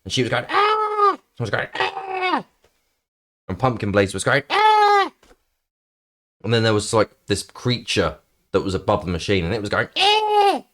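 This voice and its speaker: A man's voice: on the low side, quick pace, a bit bright. A man streaming live, chatting casually to viewers in a playful, sarcastic, rambling way with plenty of ums.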